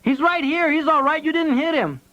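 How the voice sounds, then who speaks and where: A man voicing a rural sheriff shouting orders at a holed-up suspect, profane and commanding. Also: extremely high pitch, normal speed, pitched above the performer's own voice. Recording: dull lo-fi tape audio.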